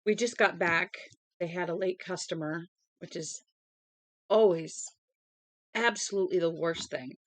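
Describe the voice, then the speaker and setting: A woman's voice: lowish voice, a little slow, pauses often, dry recording, poor audio. Tired, chatty woman reading aloud. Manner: chatty, breaks off reading to talk to chat. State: tired, yawning. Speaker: streamer reading a novel aloud. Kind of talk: casual book reading with chatty asides.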